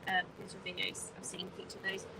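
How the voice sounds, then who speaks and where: A woman's voice: mid-range voice, completely flat delivery, a little fast, pushed and bright, poor audio. A woman chatting casually to viewers on a phone livestream while riding a bus in traffic, rambling and greeting people by name. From England. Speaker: vlogger livestreaming. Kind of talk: casual live chat with viewers. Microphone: phone held in hand. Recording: phone audio with vehicle noise. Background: bus engine and road noise.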